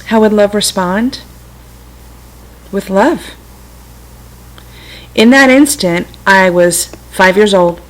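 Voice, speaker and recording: A middle-aged woman talking gently and reflectively to her computer's webcam at home, with self-amused asides. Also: mid-range voice, slow, long pauses, low-quality recording. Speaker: vlogger sharing personal stories. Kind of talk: casual spiritual talk to camera. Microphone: computer webcam mic.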